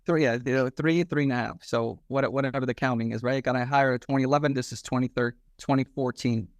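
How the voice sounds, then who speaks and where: On a podcast, a man in his thirties who used to be a cop recounts a story briskly in a mid-range voice, the recording dry. He's slangy and lively, voicing the dialogue himself.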